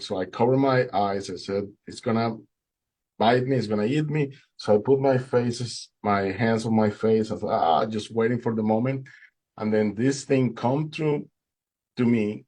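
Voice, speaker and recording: A man with a fairly low, darkish voice gives a personal faith testimony, recounting events with emotion and acting out the dialogue.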